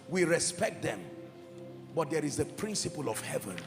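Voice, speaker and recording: A man preaching a sermon in an emphatic, fervent way, sometimes shouting and sometimes dropping to a hush. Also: a little high, sing-song, normal speed. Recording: echoey hall with music behind. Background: soft music.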